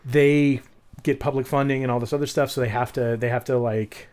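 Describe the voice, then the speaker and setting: A man co-hosting a podcast, talking casually and excitedly, swearing and restarting his sentences. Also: mid-range voice, a little fast. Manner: animated, swears, many restarts. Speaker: podcast co-host. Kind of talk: casual chat.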